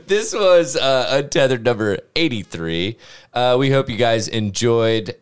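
Animated, laughing male podcast host. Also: mid-range voice, measured pace, clean tone. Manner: joking, laughing often, animated. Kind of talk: casual podcast chat.

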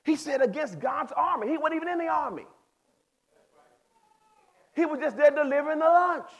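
A man with a very high voice preaches to a youth group. He leans into casual speech and calls out listeners by name. He swings from loud exhortation to quiet, plain explanation. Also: animated, moderate pace. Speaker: pastor. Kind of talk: sermon to youth.

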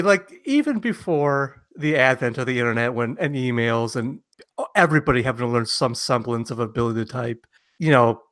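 Laughing, animated male podcast co-host. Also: medium pitch. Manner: animated, laughs often, slips into mocking quoted voices. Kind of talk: casual banter.

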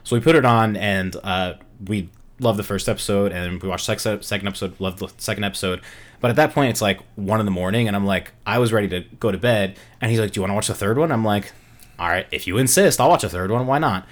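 A man co-hosting a podcast, telling stories in a casual chat full of "like" and "um". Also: fairly low pitch. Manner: fast, filler-heavy storytelling. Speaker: podcast co-host.

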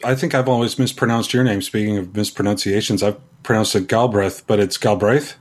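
A man's voice: fairly low pitch, fast talker. A man co-hosting a tech podcast, teasing the others in a wry way. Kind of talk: casual tech podcast chat.

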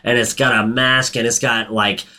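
Man, bright voice, casual chat, rambling, swears a lot, acts out scenes. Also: medium pitch, flat delivery. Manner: profane, rambling, quick to act out lines. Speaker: podcast co-host recapping a movie.

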